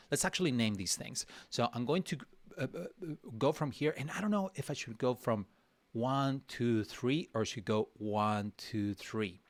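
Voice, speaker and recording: A man with a mid-range voice leads a casual livestream drawing tutorial, recorded without echo. He thinks aloud as he works, chatting to himself, teasing himself playfully, and frequently restarting with fillers.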